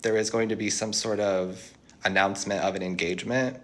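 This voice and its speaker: A man's voice: lowish voice, flat delivery, a little fast, fairly bright tone. A young man giving a tarot reading to viewers, reassuring and thinking aloud as he channels messages. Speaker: tarot reader.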